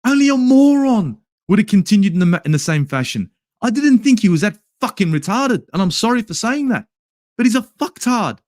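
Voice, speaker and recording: Australian man, fan channel host, angry sweary rant, voice on the high side that leaps up into shouts and drops to grumbles. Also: sing-song, fairly quick, no echo, studio quality. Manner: angry, sweary, swings from shouting to low mutters. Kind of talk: ranting match review, reading live chat.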